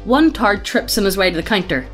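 A woman's voice: medium pitch, animated, fairly quick, fairly bright tone, soft background music. A woman channel host casually reading a funny story aloud, swearing freely and breaking into laughter.

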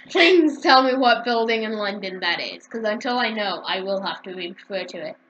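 A woman hosting a casual gameplay video, excitable and giggly as she comments. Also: medium pitch, normal speed, highs cut off. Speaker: channel host. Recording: noisy background.

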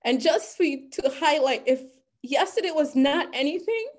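A woman giving an earnest, emphatic talk, speaking with deep conviction about lived experience. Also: expressive, moderate pace. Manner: earnest, emphatic, becomes emotional. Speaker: guest speaker. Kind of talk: impassioned talk.

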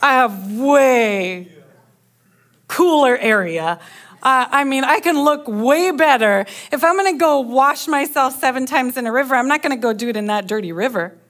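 A woman's voice: high-pitched, animated, moderate pace, a bit bright. A woman preacher voicing a proud army commander who whines and boasts. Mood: vain. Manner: whiny and boastful.

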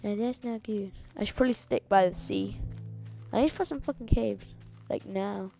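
Sweary gravelly-voiced gamer woman. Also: medium pitch, normal speed, dark tone, soft background music. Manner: rambling, sweary, chatty. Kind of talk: casual let's play commentary.

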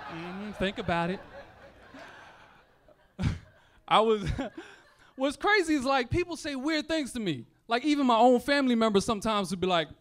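A young man doing a stand-up comedy set on a club stage, playful and animated, slipping into voices for characters. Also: very high-pitched, unhurried, pauses often. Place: comedy club stage before a laughing audience.

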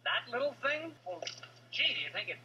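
A man's voice: extremely high pitch, very animated, moderate pace, bright, forceful tone, muffled recording, exaggerated voice. An actor playing a meek, fussy middle-aged man who frets in disbelief over his car, on a thin, distant old TV soundtrack with hiss. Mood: fretful.

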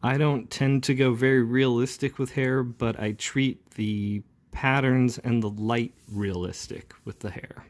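A comic book inker talks at a measured pace with few pauses, his medium-pitched voice fairly even in intonation. He narrates a relaxed ink-along, casually explaining each step while working, with lots of fillers.

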